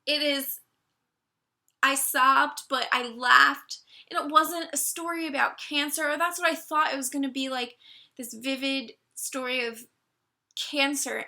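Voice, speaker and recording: A woman's voice: sits high, sharp tone. A woman chatting casually to her camera, gushing and a bit emotional as she reviews books. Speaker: book vlogger. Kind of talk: casual book review chat.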